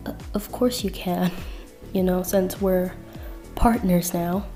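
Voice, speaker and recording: A woman's voice: on the low side, steady tone, slow, dark tone, faint music behind. A woman doing a stammering shy young sweetheart. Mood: bashful. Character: shy, nervous young sweetheart confessing love.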